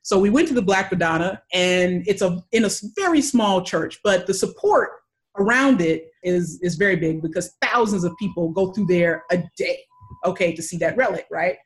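Chatting casually, a woman from the United States tells a travel story, animated and acting out the voices of the people in it. Her pitch is fairly low and her speed normal.

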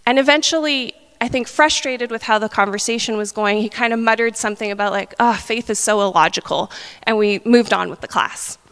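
A woman in her thirties delivers a sermon as an animated, chatty storyteller. Her voice sits a little high. The sound carries a long hall reverb. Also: fairly quick, few pauses, smooth. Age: 30s. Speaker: preacher.

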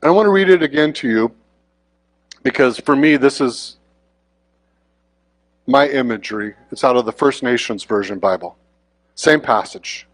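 A man preaching in a relaxed, conversational way, tossing quick questions to the congregation as he goes. His voice sits at an ordinary middle pitch for a man. It is recorded close up and dry, with almost no room sound. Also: no echo. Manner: informal, often checks in with the congregation. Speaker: guest preacher. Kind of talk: conversational sermon.

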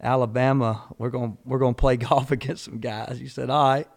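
A man's voice: mid-range voice, steady tone, a little fast, creaky. A man, co-hosting a casual chat and telling an old story with quoted dialogue. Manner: easygoing and chuckling, with quoted dialogue. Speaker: podcast co-host.

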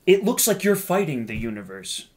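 A man's voice: a little high, sing-song, moderate pace. A man in casual chat, wisecracking and teasing his friends.

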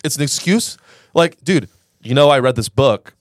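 Male comedy podcast co-host, lively intonation, deadpan delivery, dry studio mic. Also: mid-range voice, normal speed, dry recording. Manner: deadpan, ironic jokes. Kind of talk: casual comedic chat.

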